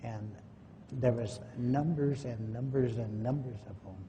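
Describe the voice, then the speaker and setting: A man's voice: steady tone, measured pace, dark tone. A man speaking at a conference, telling a personal story in a folksy way and acting out the dialogue as he goes. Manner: folksy, acts out quoted dialogue. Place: conference hall. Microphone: microphone at a podium or in hand. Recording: echoey hall, faint noise, low-quality 2009 recording.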